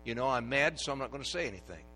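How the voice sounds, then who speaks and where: A middle-aged man, a pastor, preaching a sermon with dynamic swings from hushed to loud and emphatic. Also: mid-range voice, animated, racing, slight background noise. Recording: long reverb of a large hall.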